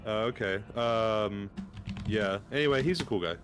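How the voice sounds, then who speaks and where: A man playing a tabletop game in casual chat, easygoing and excitable. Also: on the low side, normal speed, music in the background. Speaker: player.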